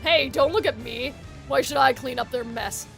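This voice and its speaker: A woman voicing a lazy, dismissive young man from a game, in a lowered drawl. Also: moderate pace, vocal fry, fairly bright tone, faint music behind.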